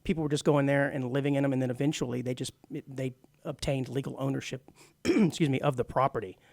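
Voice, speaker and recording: A man's voice: medium pitch, steady tone, quick pace, vocal fry, darkish tone, no echo, studio quality. A man co-hosting a radio talk show in casual chat, chatty and laughing often, with frequent restarts.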